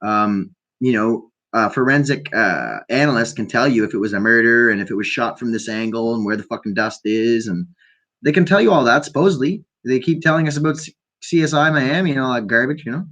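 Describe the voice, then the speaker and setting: A man's voice: mid-range voice, brisk, fairly bright tone. A man from Canada hosting his own show, ranting in a profane, rambling monologue about conspiracies. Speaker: host.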